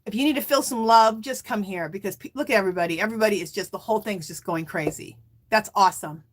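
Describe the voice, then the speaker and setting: A middle-aged woman hosts a casual live stream, chatting and reading viewers' comments out loud. Her medium-pitched voice moves fast and sounds warm and emotional, close to tears.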